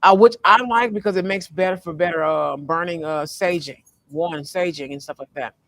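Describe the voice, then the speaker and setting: High-voiced man rambling through a card reading. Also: moderate pace, fairly bright tone. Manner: rambling, loose, with many fillers and restarts. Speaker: tarot reader. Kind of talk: casual spiritual card reading vlog. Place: sitting in a fast-food restaurant.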